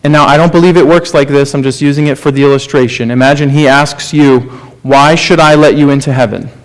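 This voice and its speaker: A man preaching a sermon, earnest and questioning, often dropping to a soft, low delivery for emphasis. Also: steady tone, fairly quick.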